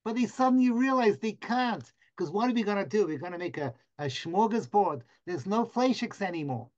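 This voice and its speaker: A man's voice: high-pitched, lively intonation, moderate pace. A man teaching a class over a video call, telling a story vividly with dramatic bursts. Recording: dull lo-fi video call audio.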